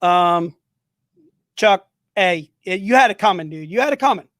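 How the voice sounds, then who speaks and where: A man hosting a live comic sales stream, joking and hyping items in rapid-fire salesman banter from an indoor studio room. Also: high-pitched, lively intonation, fairly bright tone, dry recording. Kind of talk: casual live-stream selling.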